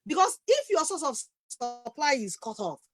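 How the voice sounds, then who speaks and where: A woman on a discussion panel, speaking forcefully and with passion from her own experience. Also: high-pitched, very animated, moderate pace.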